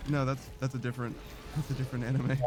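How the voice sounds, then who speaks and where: A man from the United States chatting casually while playing a game, slightly raspy, laughing often and restarting his sentences. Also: medium pitch, flat delivery, quick pace, darkish tone. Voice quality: raspy in the morning. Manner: giggly, talks in restarts. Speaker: gaming video host.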